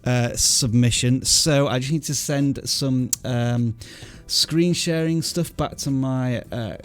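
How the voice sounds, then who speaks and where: A man's voice: mid-range voice, slow pace, faint music behind. A man hosting a casual livestream, chatty and laughing often as he reads viewer messages aloud. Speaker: livestream host.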